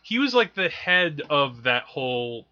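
A man's voice: a little high, sing-song, unhurried, sharp tone. A man co-hosting a film podcast, rambling and correcting himself as he goes, often laughing at his own stories, on dull lo-fi audio. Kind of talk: casual chat about films.

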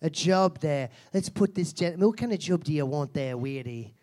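A crude, foul-mouthed self-help seminar guru in a live comedy act, a man putting her on. She mocks and insults her audience with theatrical scorn, in a voice pitched a touch higher than usual. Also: animated, moderate pace, darkish tone, close to an everyday voice. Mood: brash. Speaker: comedian performing a character. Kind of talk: live stand-up character act.

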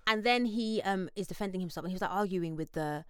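A woman's voice: medium pitch, quick pace, clear, resonant tone, no room sound. A woman, co-host of a true-crime podcast, chatting casually and expressively, swearing and acting out quotes.

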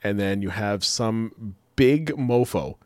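A man with a somewhat low voice chats casually as a co-host, rambling from point to point and breaking into laughs. He gets excitable as he talks. The sound is dry and close, with no room around it. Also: slow, smooth, dry recording. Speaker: podcast co-host. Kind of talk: casual wrestling chat.

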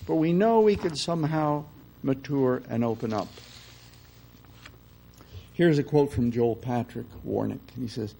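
An older man giving a conversational spiritual lecture as a teacher, often pausing to check in with his listeners. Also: mid-range voice, gravelly, dark tone, rough recording. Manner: conversational, often checks in with "okay?" and "you see".

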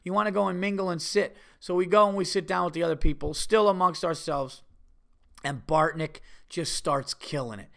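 This man hosts a podcast and comes from New York. His voice sits high and sounds gravelly at a moderate pace as he casually tells a story, animatedly acting out the quoted voices of its characters.

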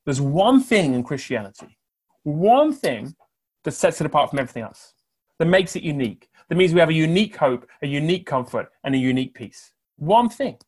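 A middle-aged man preaching a sermon with passion, building on rhetorical repetition and swinging between loud declarations and hushed phrases. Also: on the high side, big pitch swings, fairly quick, husky.

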